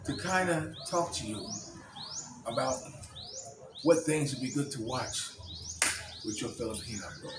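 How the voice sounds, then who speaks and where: A man casually retelling a movie plot for his channel, in halting speech full of "you know" and restarts. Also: medium pitch, background noise. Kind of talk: casual storytelling. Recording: roomy distant recording, birds chirping.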